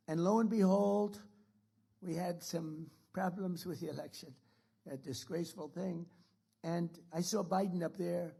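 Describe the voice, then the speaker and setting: A man's voice: sits high, moderate pace, vocal fry, warm tone, slightly rough. A man speaking as president, giving a rambling, repetitive and boastful political speech to an audience in an indoor room.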